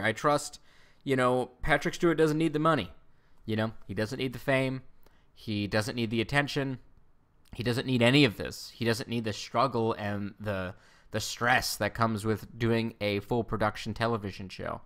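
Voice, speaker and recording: A man's voice: fairly low pitch, moderate pace, fairly bright tone. A man giving casual video commentary on entertainment news, rambling with many fillers and self-corrections. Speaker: Star Trek news commentator.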